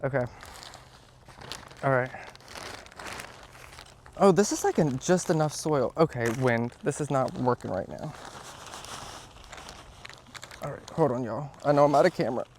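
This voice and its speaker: A young man chatting casually outdoors as he repots plants, excitable and quick to exclaim at things around him. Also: medium pitch, slight background noise. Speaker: vlogger. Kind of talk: casual chat while gardening. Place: outdoors, yard.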